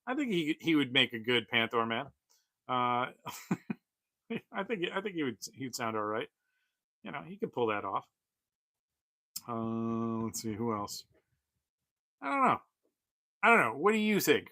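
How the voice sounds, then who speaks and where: Bright-voiced man in his forties, rambling. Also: medium pitch, lively intonation, normal speed, long pauses, no room sound. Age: 40s. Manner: rambling, chuckling, many fillers. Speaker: toy collector streamer. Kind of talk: casual livestream chat.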